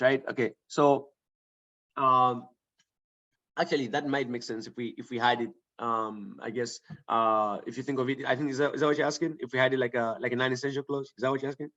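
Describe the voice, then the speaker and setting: A man's voice: mid-range voice, fairly even intonation, brisk, fairly bright tone, muffled recording. A man teaching a writing lesson, thinking aloud with fillers and restarts and often checking in with the class. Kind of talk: online grammar lesson.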